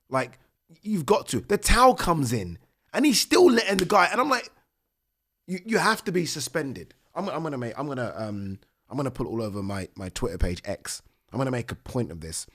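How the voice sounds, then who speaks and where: A man hosting a boxing podcast, talking casually and getting indignant, sometimes near-shouting in outrage. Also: mid-range voice, big pitch swings, a little fast. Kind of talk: casual solo commentary.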